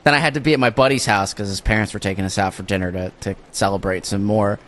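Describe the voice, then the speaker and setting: A man's voice: lowish voice, fairly even intonation, quick pace, a bit bright. A young man co-hosting a podcast, telling rambling stories in casual chat, often repeating his words. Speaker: podcast co-host.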